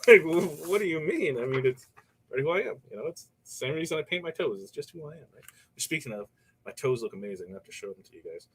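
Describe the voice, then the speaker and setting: A man's voice: medium pitch, lively intonation, fast, husky, poor audio. A man hosting a casual livestream from his workshop, rambling through viewer comments and stories with frequent laughs. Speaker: livestream host. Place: workshop while pressing shirts.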